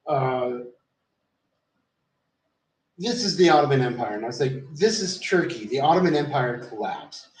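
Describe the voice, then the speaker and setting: His mid-range voice has a slightly mellow quality as this vlogger casually tells a rambling tale, swearing freely and drifting off into filler words. The mic is far away, picking up a roomy echo.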